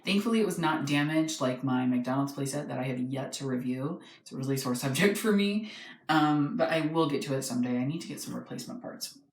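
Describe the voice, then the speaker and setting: A man hosting a casual toy review vlog from his home, eager and talkative, often pausing on an um before rushing ahead. His voice rings off the walls of a bare, echoey room. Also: mid-range voice. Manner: excitable and chatty, with frequent ums.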